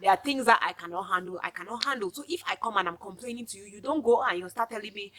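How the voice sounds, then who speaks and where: A woman's voice: medium pitch, fast talker, few pauses, fairly bright tone. A woman with a Nigerian accent giving relationship advice in a chatty, emphatic monologue to her viewers.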